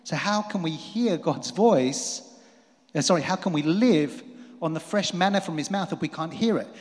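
A man preaching a sermon in a lively way, rising to emphatic peaks and dropping to quiet asides. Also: on the high side, normal speed. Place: church hall. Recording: long hall reverb.

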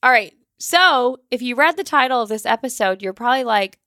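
A woman's voice: fairly high pitch, lively intonation, brisk, pushed and bright, no echo, studio quality. A woman, hosting her own podcast in a bubbly, chatty way, casually swearing and saying "like" often. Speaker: podcast host and business mentor.

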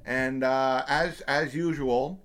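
A man in his thirties hosts a podcast and chats casually, rambling with lots of ums and uhs and the odd swear. His voice is medium-pitched, steady in tone, slow, and a bit bright.

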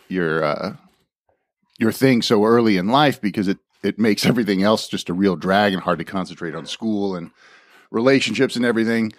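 Lower-voiced man musing wryly. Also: dry recording, studio quality. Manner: rambling, wry musing. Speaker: podcast co-host. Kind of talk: casual comedic chat. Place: calling in remotely.

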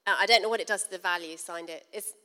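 A woman's voice: fairly low pitch, rapid-fire, sharp tone, clean tone, big-room sound. A middle-aged woman, giving a humorous, self-deprecating storytelling talk to a conference crowd and laughing often. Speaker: conference speaker.

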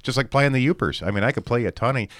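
A man's voice: medium pitch, racing, a bit bright. A man with a Michigan accent co-hosting a casual podcast chat, often stumbling over and repeating his words. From Michigan, USA. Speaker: podcast co-host.

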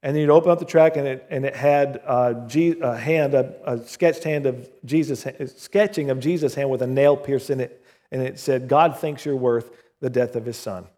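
A man's voice: medium pitch, moderate pace, dark tone. A pastor from southern Oklahoma who prays and then preaches a sermon to his congregation, telling stories and singing bits of a hymn. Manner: prayerful, then storytelling with sung hymn lines. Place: church building with congregation. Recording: long hall reverb.

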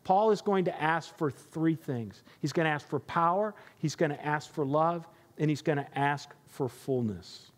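A pastor giving a sermon in an emphatic, conversational preaching manner. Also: male voice, on the high side, moderate pace, hardly any pauses, in a large hall.

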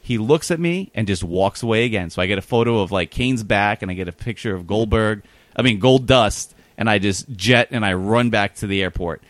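A man's voice: fairly low pitch, brisk, dry recording. A man telling a long rambling anecdote in casual chat, full of fillers and quoted dialogue. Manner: rambling, animated, many fillers. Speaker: guest telling a story. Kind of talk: casual storytelling.

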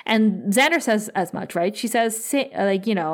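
A woman's voice: mid-range voice, normal speed, few pauses. Chatty woman podcast co-host. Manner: chatty, lively retelling with frequent "like" and laughter. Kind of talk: casual chat recapping a TV episode.

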